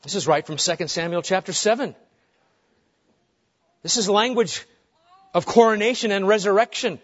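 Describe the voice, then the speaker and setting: Dramatic preacher man, lo-fi recording. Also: normal speed. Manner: dramatic shifts between booming emphasis and hushed calm. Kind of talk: expository sermon. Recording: dull lo-fi sermon recording.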